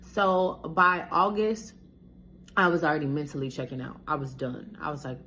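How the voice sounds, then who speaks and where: A woman's voice: low-pitched, normal speed, sharp tone, slight background noise. A woman in her twenties telling a personal story in a blunt, profane, casual way, talking straight to her viewers.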